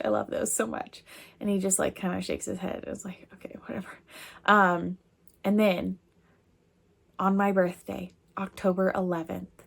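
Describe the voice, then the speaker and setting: A woman's voice: mid-range voice, creaky. A young adult woman who makes crochet things, chatting casually to camera in a rambling way with lots of fillers. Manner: giggly, laughing hard. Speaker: crochet designer and vlogger.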